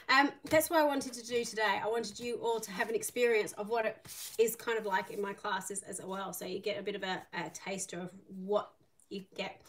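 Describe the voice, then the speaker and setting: A middle-aged woman with an Irish accent mixed with an Australian one, chatting warmly through a live online art class and greeting viewers by name. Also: mid-range voice. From Northern Ireland. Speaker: art teacher. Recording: slightly distant mic, faint noise.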